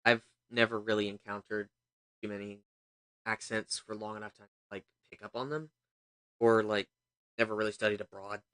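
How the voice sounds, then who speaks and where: A man's voice: lowish voice, fairly even intonation, normal speed, sharp tone, clear, resonant tone, dry recording. A man from the United States chatting casually while streaming a game, rambling and thinking aloud. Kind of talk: casual gaming livestream chat.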